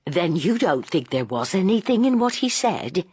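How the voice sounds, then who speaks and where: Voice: medium pitch, big pitch swings, moderate pace, breathy edge, no echo. Narrator doing a timid, pleading landlady. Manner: pleading, soft. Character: anxious middle-aged landlady, timid.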